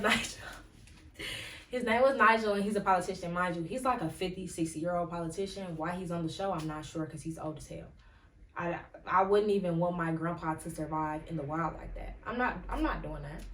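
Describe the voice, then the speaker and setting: A woman's voice: lowish voice, fairly bright tone, a little hiss or hum. A woman hosting a podcast, talking in a casual, rambling way with lots of "like" and "um" fillers. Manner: rambling, chatty, full of "like" and "um". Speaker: podcast host. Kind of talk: casual solo commentary. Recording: echoey room, distant from mic.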